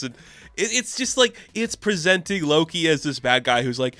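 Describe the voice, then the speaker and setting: A man reviewing a comic book in a casual vlog, excited and rambling, with frequent swearing. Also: a little high, moderate pace, no room sound.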